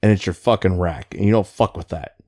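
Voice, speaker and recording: A man with a somewhat low voice tells a rowdy story from his Navy days. He swears nearly every line and tells it with lively energy, casual and unfiltered. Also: fairly quick. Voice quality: swears constantly, animated storytelling. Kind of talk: casual profane chat.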